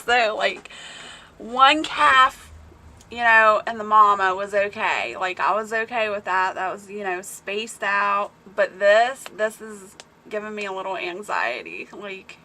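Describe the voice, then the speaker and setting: Woman host, casual livestream, bright voice, excitable and chatty, reads viewer comments. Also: medium pitch, takes it slowly. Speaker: small-farm livestream host.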